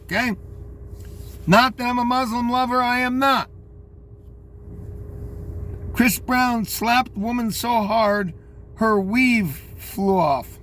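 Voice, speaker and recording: Rambling, scornful older man, high voice. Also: takes it slowly, pauses often, a bit bright, slight background noise. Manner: rambling, scornful, talks straight to listeners. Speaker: commentator reading news headlines. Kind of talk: opinionated headline commentary.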